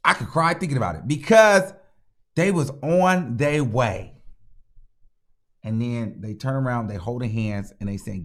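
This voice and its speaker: A man's voice: mid-range voice, unhurried. A man hosting his channel and recapping a movie in a slangy, dramatic way, repeating lines for emphasis and acting out sound effects. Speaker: movie reviewer and channel host.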